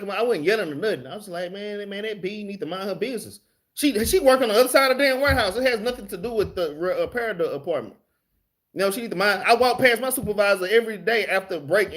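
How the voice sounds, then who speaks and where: High-voiced man teaching on phone. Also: a bit bright. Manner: slangy, streetwise, swears freely while preaching; addresses listeners as y'all and man. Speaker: Bible class teacher. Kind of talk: casual live-streamed Bible study.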